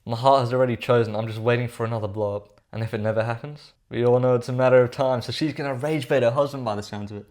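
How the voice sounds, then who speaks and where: A man's voice: medium pitch, fairly even intonation, fast, few pauses, darkish tone. A young man giving comedic commentary while reading text messages aloud, sarcastic and exasperated, with casual slang. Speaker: reaction commentator.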